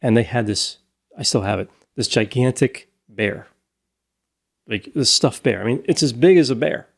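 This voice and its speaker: A man's voice: mid-range voice, moderate pace, vocal fry. A middle-aged man co-hosting a podcast, telling a rambling story in casual chat and correcting himself as he goes. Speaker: podcast co-host.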